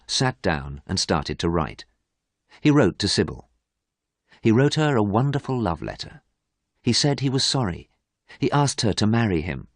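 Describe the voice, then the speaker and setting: A man reading a story aloud for English learners, slowly and clearly in simple storytelling. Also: fairly low pitch, dry recording, clean studio sound. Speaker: narrator.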